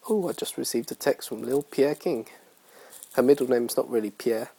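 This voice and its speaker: A man's voice: mid-range voice, moderate pace, vocal fry, dark tone, husky, rough recording. A young man hosting his own podcast in casual, rambling, self-mocking chat full of fillers. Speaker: podcast host.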